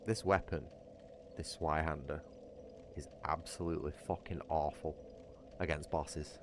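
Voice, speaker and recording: Man, Lancashire accent, deep voice, casual sweary streamer chat, noisy background. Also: steady tone, measured pace. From England. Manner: sweary, ranting, frustrated.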